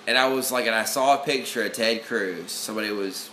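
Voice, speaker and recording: A man co-hosting a casual podcast chat, talking in a profane, excitable way and breaking into loud shouted bits. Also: on the low side, brisk. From Alabama. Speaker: podcast co-host. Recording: echoey room with faint ambient noise.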